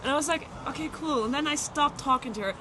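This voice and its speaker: A woman's voice: high voice, quick pace. A young woman from Germany, a university student, animatedly telling a casual story and acting out what others said. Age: young adult. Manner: animated, quotes others' voices. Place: outdoors in a city. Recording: outdoor street noise with traffic.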